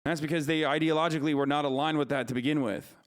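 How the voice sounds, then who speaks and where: A man's voice: fairly high pitch, steady tone, fast talker. A man streaming live, ranting heatedly about politics, cursing freely and answering his chat. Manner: heated, profane, argumentative. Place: streaming studio.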